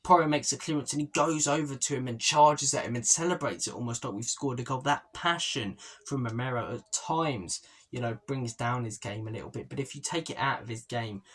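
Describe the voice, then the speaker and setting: A man's voice: mid-range voice, a little fast, a bit bright. A young man hosting a football fan channel, talking through a post-match reaction in a chatty, opinionated way and often repeating himself. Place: holiday stay by the sea.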